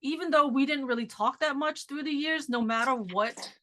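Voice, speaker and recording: A woman hosting a podcast, speaking in a supportive, affirming way and often agreeing softly. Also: high-pitched, normal speed, dry recording. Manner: affirming, lots of soft backchannel agreement. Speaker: podcast host. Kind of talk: supportive casual chat.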